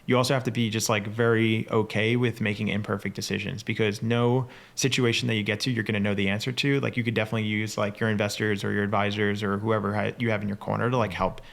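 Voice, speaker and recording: New york-ish guy talking fast and excited, lots of "like"s, bit of fry in his voice. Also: lowish voice. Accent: New York area. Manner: fast, filler-heavy, passionate. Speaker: podcast guest, snack company founder. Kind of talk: casual chat.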